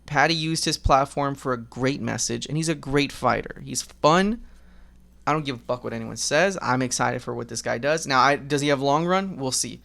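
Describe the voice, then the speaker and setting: A man's voice: mid-range voice, moderate pace, creaky, fairly bright tone. A man giving casual, rambling commentary while gaming, candid and profane, with lots of fillers. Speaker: gaming vlogger.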